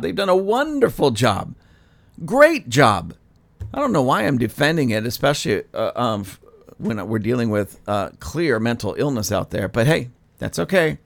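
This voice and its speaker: A man's voice: a little high, vocal fry. A man who is a pastor, preaching on his podcast in an emphatic, conversational way, repeating phrases for emphasis. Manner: conversational asides with fillers.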